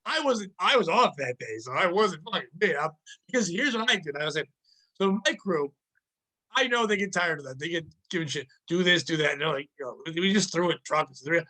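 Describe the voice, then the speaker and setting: High, bright-voiced man telling stories. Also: a little fast, low-quality recording. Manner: profane, animated, acts out the people in his stories. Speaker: podcast co-host. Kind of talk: casual storytelling chat.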